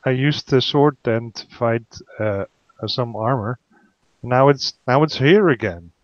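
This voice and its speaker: A man talks slowly and haltingly as a player in a tabletop game, often restarting his sentences. His voice comes over a dull, lo-fi mic with a dry, close sound. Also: mid-range voice, dry recording. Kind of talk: casual tabletop play.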